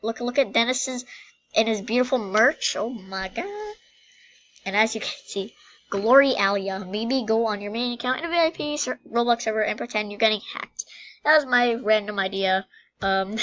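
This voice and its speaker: A young woman chatting in a casual, excited vlog, giggling and rambling as she talks about a game. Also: mid-range voice, muffled recording. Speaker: gaming vlogger.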